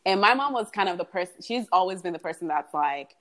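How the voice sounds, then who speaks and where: A woman's voice: on the low side, lively intonation, fast talker, fairly bright tone. A young woman guest in a casual podcast chat, speaking earnestly and reflectively with frequent fillers.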